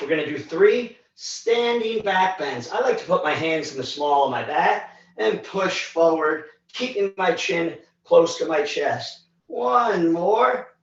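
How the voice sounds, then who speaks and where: A man's voice: sits high, lively intonation, slow pace, fairly bright tone. A man leading a live virtual workout, counting down reps and cueing moves in an encouraging way while out of breath. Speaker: fitness instructor. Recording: echoey, distant, dull livestream audio.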